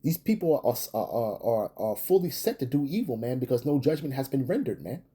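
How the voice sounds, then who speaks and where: Male street preacher, husky mellow voice, stop-start emphatic delivery with rising tags. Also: medium pitch, big pitch swings, a little fast. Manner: repetitive, peppers lines with "man" and "okay?". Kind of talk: scripture commentary video.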